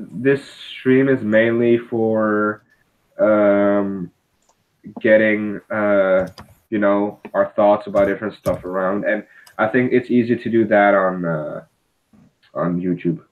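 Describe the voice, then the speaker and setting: A man's voice: on the low side, steady tone, slow, pauses often. A man chatting casually on a live stream, hesitating with many fillers and restarts. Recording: slightly dull audio with faint noise.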